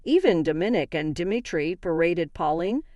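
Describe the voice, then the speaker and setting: A woman tells a dramatic first-person story aloud. Her voice sits a little low and swings lively in pitch. The sound is dry and close. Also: moderate pace, dry recording. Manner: reads all characters in an even narrating voice.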